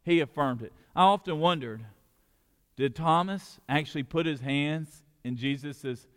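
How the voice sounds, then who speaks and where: A man preaching a sermon as pastor, animated, with quick restarts and acted-out quotes. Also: fairly high pitch, big-room sound. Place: church sanctuary.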